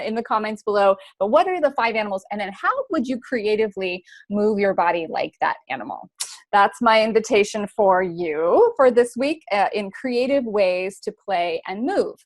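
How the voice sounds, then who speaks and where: A woman's voice: mid-range voice, no room sound. Upbeat woman hosting an online show. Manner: upbeat, encouraging, frequent "uh" fillers. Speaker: host.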